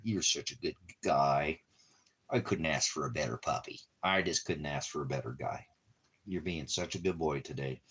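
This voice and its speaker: A man talking softly to his dog in doting, repetitive baby talk, now and then addressing his viewers. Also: extremely low pitch, a little slow, husky. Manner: soft, doting baby talk with repeated phrases. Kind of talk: casual talk to a pet.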